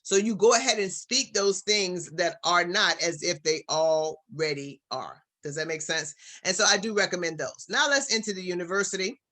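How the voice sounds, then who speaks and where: A woman's voice: lowish voice, moderate pace, few pauses, pushed and bright. A woman business coach giving a casual online presentation, upbeat and encouraging, talking to her audience like family.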